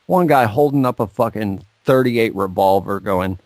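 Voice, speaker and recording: A man's voice: mid-range voice, lively intonation, moderate pace, hardly any pauses, dry recording. Profane rambling podcast co-host man. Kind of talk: casual chat. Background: faint music.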